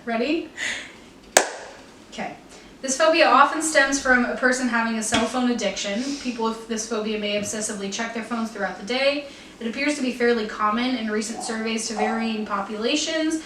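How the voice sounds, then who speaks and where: A young woman co-hosting a casual podcast, reading research aloud and throwing in quick jokes. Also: fairly high pitch, fairly bright tone, recorded from a distance. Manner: joking, quick wisecracks. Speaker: podcast co-host. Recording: roomy echo, voice off-mic, faint room noise.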